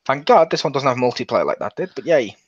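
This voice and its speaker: A man's voice: medium pitch, very animated, fast talker, a little hiss or hum. Rambling male game reviewer, dull lo-fi sound. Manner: rambling, with many restarts. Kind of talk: casual review chat.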